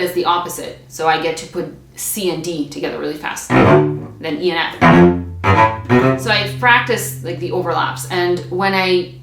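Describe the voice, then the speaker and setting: A woman teaching a string practice technique, explaining step by step in a patient, demonstrating manner. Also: lowish voice. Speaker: music teacher. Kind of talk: instrumental practice lesson. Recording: echoey room with string playing. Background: bowed string instrument between lines.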